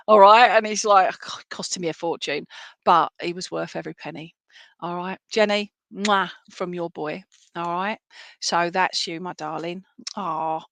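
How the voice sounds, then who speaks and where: A woman's voice: mid-range voice, a bit bright, no room sound. Chatty woman medium, dry close sound. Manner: chatty, affectionate, frequent 'all right?' check-ins. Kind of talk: clairvoyant readings in an online service. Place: home, by herself.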